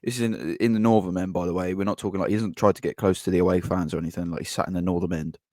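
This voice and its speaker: A man hosting a football podcast, telling a story in a blunt, casual way, swearing and pausing with ums. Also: low-pitched, steady tone, a little mellow, no echo, studio quality. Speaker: podcast host. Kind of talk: casual match-reaction monologue.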